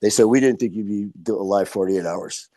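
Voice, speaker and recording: A man's voice: fairly low pitch, brisk, warm tone. A man as a podcast guest, telling his story casually and bluntly, swearing and acting out what people said. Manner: blunt, profane, acts out quoted dialogue.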